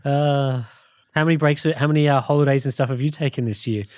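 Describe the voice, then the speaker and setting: A man's voice: medium pitch, steady tone, a little fast, a little mellow, no echo, studio quality. An Australian man co-hosting a podcast, chatting casually with wry jokes. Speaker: podcast co-host. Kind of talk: casual chat.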